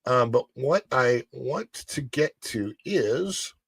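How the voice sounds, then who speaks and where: Lively chatty man hosting a livestream. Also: medium pitch, takes it slowly, slightly rough, no echo. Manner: chatty, rambling, reads news aloud to chat. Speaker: livestream host. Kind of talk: casual livestream chat.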